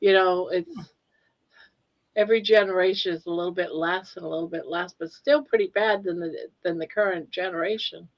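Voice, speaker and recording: A woman's voice: on the low side, fairly even intonation, brisk, highs cut off. An older woman hosting a casual live-stream chat, greeting viewers from the comments. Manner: chatty, reads out chat greetings. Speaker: host.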